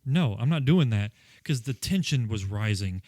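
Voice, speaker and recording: A man's voice: mid-range voice, expressive, moderate pace, dark tone, dry recording. A man co-hosting a casual podcast, telling a frustrated, profane story about a video game. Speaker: podcast co-host.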